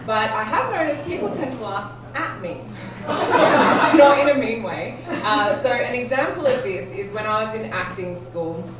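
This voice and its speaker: An Australian woman in her thirties tells self-deprecating stories on a comedy club stage, often breaking into giggles. Her voice sits a bit high and comes from a distance in a very echoey room. Loud ambience runs underneath the whole recording. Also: lively intonation, unhurried, very noisy. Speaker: stand-up comedian. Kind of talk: stand-up comedy set.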